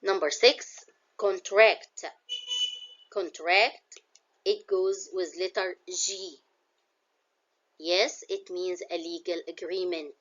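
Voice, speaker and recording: A woman's voice: on the low side, fairly even intonation, slow pace, long pauses, a bit bright, lo-fi sound. A woman with an Egyptian accent teaching a classroom English vocabulary lesson. She explains words in English and glosses some of them in Arabic.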